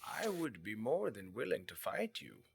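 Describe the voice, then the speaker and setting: A man's voice: mid-range voice, huge pitch swings, moderate pace, creaky, soft background music. A man voicing a smug, condescending gnomish merchant in a tabletop game. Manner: condescending, mocking.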